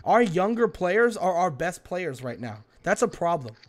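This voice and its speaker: A man's voice: sits high, sing-song, measured pace. A man hosting a sports podcast, ranting in a fired-up way, swearing and firing off rhetorical questions. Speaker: podcast host. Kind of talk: heated sports podcast talk.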